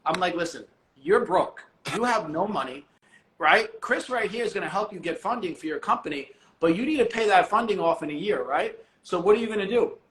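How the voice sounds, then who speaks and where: High bright-voiced dude, blunt, cusses casually, echoey room. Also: male voice, fairly quick. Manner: blunt, animated, swears casually. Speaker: guest, business owner. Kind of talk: casual podcast chat.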